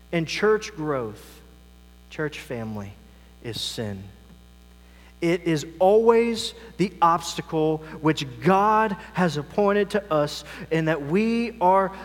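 A male pastor delivering a sermon, swinging between loud emphasis and quiet, soft asides. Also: a little high. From United States. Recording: long reverb, mains hum.

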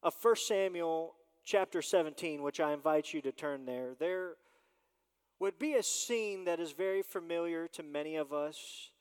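Pastor, male, lively preaching delivery, slightly high voice, church hall reverb. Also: moderate pace, clean tone. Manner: animated preaching, rising and falling in volume. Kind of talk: sermon. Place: church sanctuary.

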